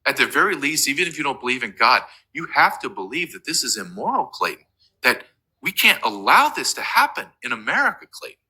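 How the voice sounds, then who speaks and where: A man's voice: mid-range voice, big pitch swings, brisk, pushed and bright, breathy edge, rough recording. A man as an interview guest, talking urgently and emphatically, with frequent restarts. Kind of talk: impassioned remote interview.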